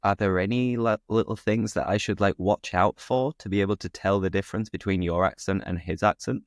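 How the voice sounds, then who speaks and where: A man's voice: on the low side, steady tone, brisk, no echo, clean studio sound. A British man hosting a podcast, chatting casually and laughing at his own jokes. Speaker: podcast host, English teacher.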